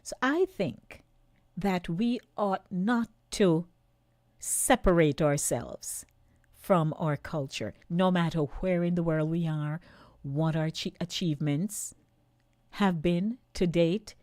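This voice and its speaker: A woman with a Jamaican accent hosting a radio talk show, speaking in a lively way and slipping into patois. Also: on the low side, slow, no room sound, clean studio sound.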